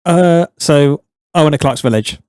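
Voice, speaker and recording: A man co-hosting a podcast in blunt, sweary, deadpan banter. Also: on the high side, moderate pace, clean tone, dry recording, clean studio sound. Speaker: podcast co-host. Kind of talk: casual banter.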